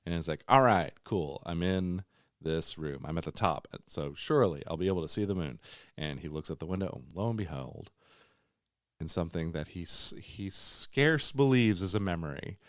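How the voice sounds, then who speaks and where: Low-voiced man retelling a story. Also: normal speed, no echo, studio quality. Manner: playful retelling with mock voices for the character. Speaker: podcast co-host. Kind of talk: casual chat retelling a story.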